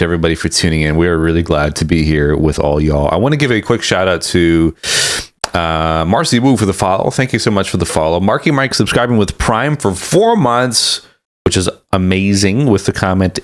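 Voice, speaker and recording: Low-voiced man ranting on a podcast. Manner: rambling, quick to get riled up. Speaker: podcast co-host. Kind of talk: casual chat.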